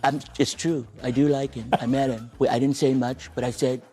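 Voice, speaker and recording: A man's voice: medium pitch, level tone, a little fast, dark tone, voice pushed down, close to an everyday voice. A man doing a comic impression of a boastful older male politician who keeps repeating himself.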